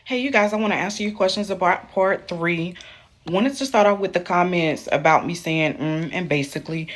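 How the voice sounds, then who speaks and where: A woman's voice: fairly low pitch, moderate pace. Young woman telling her story, lots of ums. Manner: plain, matter-of-fact, frequent ums. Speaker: storyteller in a clip. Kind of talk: casual storytime.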